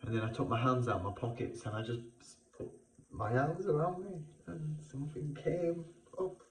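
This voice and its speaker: A British man talking through an emotional personal experience in a vlog, halting and repeating himself with many fillers. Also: mid-range voice, fairly even intonation, a little hiss or hum. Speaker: vlogger. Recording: roomy sound, far from the mic.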